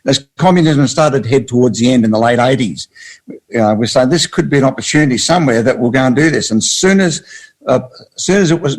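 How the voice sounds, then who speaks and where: A man's voice: mid-range voice, low-quality recording. An older man, a guest author speaking emphatically and often cutting in to correct his partner. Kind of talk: animated interview talk.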